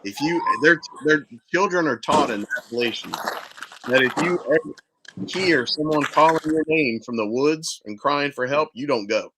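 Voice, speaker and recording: A man's voice: on the high side, lively intonation, normal speed, sharp tone, slightly rough, rough recording. A man hosting a podcast, chatting casually and retelling eerie stories with emphasis. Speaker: podcast host. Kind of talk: casual chat.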